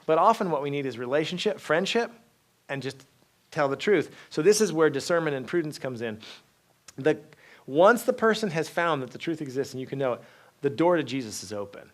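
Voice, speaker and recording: A man giving a university talk, telling stories lively with frequent asides, restarts and "okay?" check-ins to the audience. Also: on the high side, a little fast. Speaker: guest speaker. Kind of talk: university lecture.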